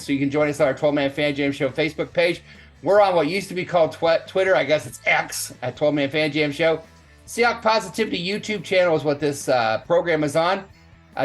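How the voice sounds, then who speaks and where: A man's voice: a little high, a little fast, soft background music. A man hosting a casual sports fan podcast, upbeat and jokey, plugging the show's pages and teasing his co-hosts. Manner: upbeat, jokey, laughs often. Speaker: podcast host.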